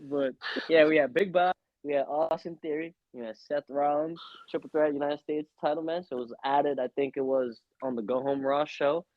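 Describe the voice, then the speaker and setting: A young man co-hosting a casual wrestling podcast, loud and joking, often slipping into mocking voices. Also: on the high side, fairly even intonation, moderate pace, no echo, phone-quality sound. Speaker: podcast co-host.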